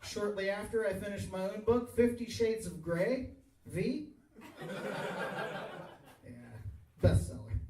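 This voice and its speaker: A man's voice: sits high, takes it slowly, long pauses, noisy background. A man in his thirties performing a crude, self-mocking stand-up set in a small tavern, chuckling at his own jokes. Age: 30s. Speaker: stand-up comedian. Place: small tavern stage, live audience. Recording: echoey bar, voice from far off.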